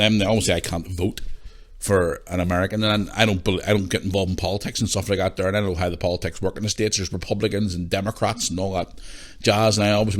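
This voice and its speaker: A man hosting a podcast, ranting his opinions in a blunt, sweary, casual way. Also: lowish voice. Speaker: podcast host.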